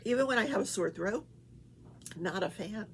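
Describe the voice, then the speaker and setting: A woman's voice: mid-range voice, expressive, moderate pace, slight background noise. An older woman hosting a casual morning talk show, chatting in a rambling way. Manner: chatty, rambling, breaks off to coo at her pets. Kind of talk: casual chat.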